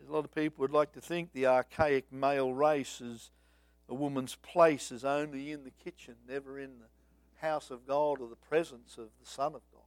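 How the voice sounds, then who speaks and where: A man's voice: mid-range voice, steady tone, normal speed, no room sound. A man preaching a sermon, telling a story with dramatic rises and acting out voices. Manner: dramatic, acts out voices of biblical figures.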